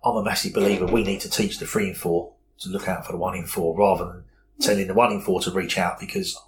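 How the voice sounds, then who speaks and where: A man's voice: deep voice, steady tone, quick pace, background noise. A man, speaking candidly and earnestly as an interview guest, often repeating words as he goes. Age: 40s.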